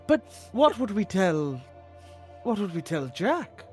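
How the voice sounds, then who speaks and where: Man player, slow and drawling, lively pitch, lots of uhs. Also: soft background music. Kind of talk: casual tabletop play.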